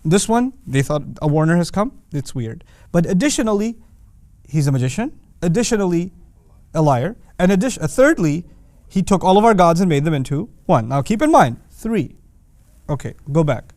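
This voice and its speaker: A man lectures on the language of the Quran with animated emphasis, pressing his points with rhetorical questions. His voice sits a little high for a man. The sound is dry and close, with no room around it. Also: normal speed, no echo. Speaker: Quran teacher.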